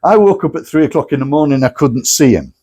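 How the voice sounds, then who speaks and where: A man presenting at a club night, telling anecdotes in a lively way and acting out the people he quotes. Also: on the high side, fast, slightly rough. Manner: lively storyteller, acts out quotes.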